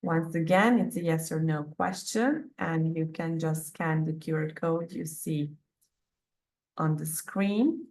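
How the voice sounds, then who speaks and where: A woman's voice: low-pitched, slow pace, a little mellow. A woman moderating an online training session, politely giving instructions and handing over to speakers on a video call. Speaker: webinar moderator.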